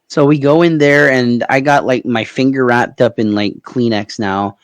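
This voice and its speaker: A man's voice: mid-range voice, steady tone, normal speed, no room sound. Man from the Maritimes telling a rambling story. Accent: Canadian Maritimes. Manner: rambling anecdotal, laughs at own story. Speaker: podcast co-host. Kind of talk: casual storytelling chat.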